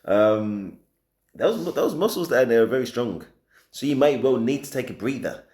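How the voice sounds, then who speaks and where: A man casually reacting to a clip, chatty and amused, thinking out loud. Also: medium pitch, big pitch swings, normal speed, roomy sound. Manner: chatty and amused, musing aloud. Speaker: reaction video host.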